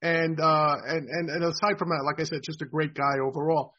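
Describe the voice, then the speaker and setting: A husky, high-pitched man with a New York accent hosts a loose sports chat. He gushes and rambles, restarting his sentences, and the sound is dull and lo-fi. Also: fairly even intonation, sharp tone. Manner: rambling, effusive, halting restarts. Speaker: podcast host, site founder.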